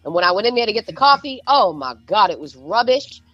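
A woman with a Boston accent, a DJ telling animated, profane stories in a casual podcast chat. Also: mid-range voice, fast, dry recording, muffled recording. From Boston North Shore. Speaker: DJ guest.

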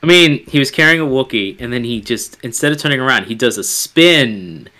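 A man's voice: mid-range voice, lively intonation, fairly quick, bright, forceful tone. A man co-hosting a casual review podcast, dry and sarcastic, blunt in his remarks. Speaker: podcast co-host.

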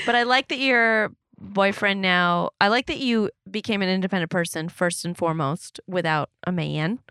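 A woman's voice: mid-range voice, sharp tone, clean tone, no echo, studio quality. A woman hosting a podcast in casual chat with a friend, candid, laughing often and swearing freely. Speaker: podcast host.

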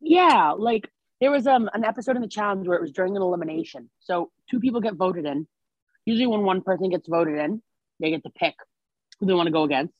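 Husky woman co-host, muffled dry mic. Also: medium pitch, quick pace, dry recording. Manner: rambling, storytelling, laid-back. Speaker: podcast co-host. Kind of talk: casual recap chat.

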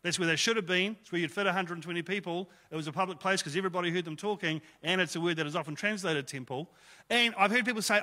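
A man's voice: high voice, fast talker, sharp tone, in a large hall. A man preaching a sermon to his church, conversational and emphatic, with rhetorical questions. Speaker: pastor.

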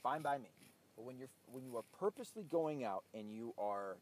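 A man's voice: mid-range voice, animated, a little fast, darkish tone, slightly rough. A man hosting his own show, ranting bluntly and profanely in casual talk while he drives a car. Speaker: podcast host. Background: faint vehicle noise.

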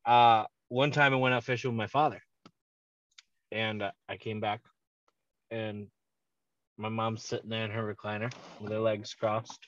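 A man's voice: on the low side, little pitch movement, moderate pace, long pauses, a bit bright, no echo, dull audio. A young man on a podcast telling crude, laughing stories over a call, acting out quoted voices. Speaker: podcast co-host. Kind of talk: casual storytelling chat.

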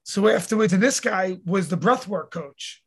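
A man's voice: sits high, normal speed, fairly bright tone, husky. A man talking as a podcast guest and coach, telling stories in an earnest, casual way and swearing now and then. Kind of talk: casual conversational storytelling.

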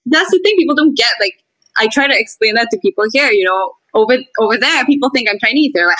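A woman from Singapore sharing her experiences in a casual chat, telling stories in a lively, expressive way. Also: fairly high pitch, quick pace, no room sound, poor audio. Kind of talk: casual conversation.

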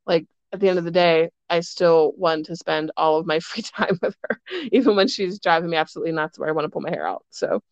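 A woman in her thirties, a mother and podcast co-host, talking casually and chattily with many fillers and quick asides. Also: low-pitched, no room sound. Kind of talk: casual chat. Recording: dry, dull lo-fi sound.

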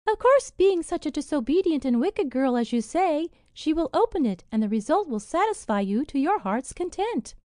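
A woman's voice: sits high, big pitch swings, moderate pace, hardly any pauses, warm tone, no echo, studio quality, voice pushed up. A woman reading a storybook and voicing a cunning female fairy, sly and coaxing.

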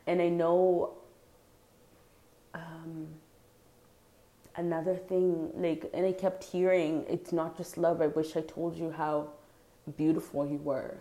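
Low-voiced woman sharing spiritual advice. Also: fairly even intonation, takes it slowly, creaky, warm tone, reverberant. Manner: earnest, heartfelt, many fillers. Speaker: podcast host. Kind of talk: casual spiritual talk.

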